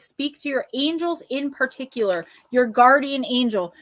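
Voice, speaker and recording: Woman, oracle card reader, live stream host, fairly high voice, chatty, affectionate, soothing when reading. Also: fairly bright tone. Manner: chatty and affectionate, reads cards aloud in a slow soothing cadence.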